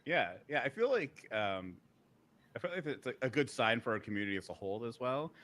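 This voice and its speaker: A man's voice: mid-range voice, sing-song, brisk, fairly bright tone. A man co-hosting a live podcast in casual chat, telling a long story with many fillers, restarts and a few laughs. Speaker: podcast co-host. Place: live podcast recording at a conference.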